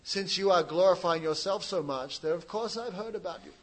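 Man playing a sassy young prince, teasing and sarcastic, a bit higher-pitched. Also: a little fast. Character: cheeky young male prince mocking an elder.

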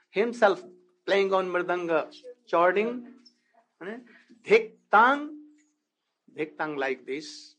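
A man giving a devotional lecture as a spiritual teacher, telling a sacred story in halting non-native English and asking his listeners rhetorical questions. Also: high voice, a bit bright, rough recording.

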